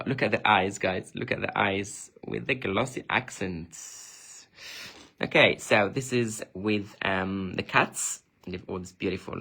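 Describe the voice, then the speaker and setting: A man's voice: fairly low pitch, breathy edge. A man presenting his craft projects on a casual live stream, chatty and enthusiastic, often restarting sentences and thanking viewers. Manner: reads viewer comments and thanks them warmly.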